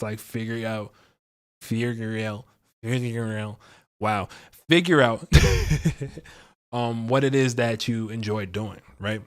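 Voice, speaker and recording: A man hosting a livestream tarot and astrology reading in a casual, chatty way, joking at his own expense and filling pauses with "like" and "um". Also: medium pitch. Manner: chatty and playful, laughs at himself, many fillers.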